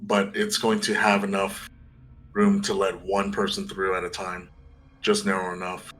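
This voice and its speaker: A man playing a tabletop game, describing his character's actions deliberately with many hesitations. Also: deep voice, monotone, fairly bright tone, faint music behind, poor audio. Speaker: player.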